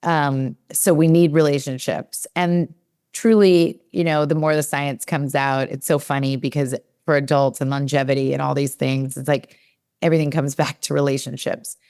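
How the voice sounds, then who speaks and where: A woman's voice: rumbling low, fairly even intonation, moderate pace, a little mellow, clear, resonant tone. A woman in her forties, a developmental psychologist, chatting in a podcast interview and acting out her own inner dialogue with many fillers.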